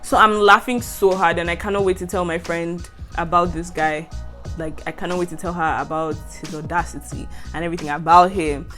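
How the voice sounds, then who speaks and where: A woman's voice: lowish voice, steady tone, brisk, fairly bright tone, faint music behind. A young woman from Nigeria with a Nigerian English accent, telling a university story in a storytime vlog and laughing often. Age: young adult. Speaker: university student vlogger.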